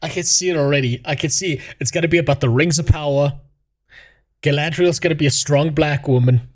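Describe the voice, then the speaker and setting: A streamer host rants casually and fairly quickly, his pitch fairly high. His tone is mocking, and he laughs a lot while rambling on.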